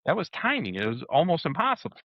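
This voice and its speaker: A man telling a story in a lively way, with sound effects and acted-out dialogue. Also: fairly high pitch, quick pace, no room sound, lo-fi sound. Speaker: co-host and martial arts competitor. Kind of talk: animated casual storytelling.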